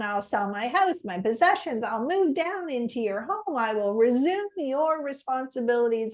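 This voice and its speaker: A woman's voice: on the high side, expressive, unhurried, hardly any pauses, a little mellow. A middle-aged Canadian woman, a podcast guest, sharing a heartfelt personal story in an earnest way. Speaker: podcast guest, stress coach and author.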